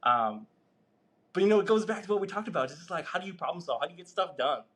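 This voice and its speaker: Man, bright tense voice, podcast guest, animated storytelling, swears and laughs. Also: high-pitched, fast talker. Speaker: guest researcher. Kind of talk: casual storytelling in a podcast interview.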